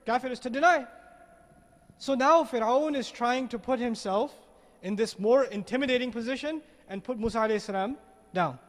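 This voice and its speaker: High-voiced man preaching, rhetorical questions. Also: moderate pace. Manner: animated, many rhetorical questions. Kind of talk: storytelling sermon. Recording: long hall reverb.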